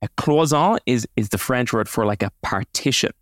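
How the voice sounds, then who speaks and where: A man's voice: medium pitch, moderate pace, dry recording, clean studio sound. A man co-hosting a podcast, explaining things in a casual way with lots of fillers and restarts. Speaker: podcast co-host.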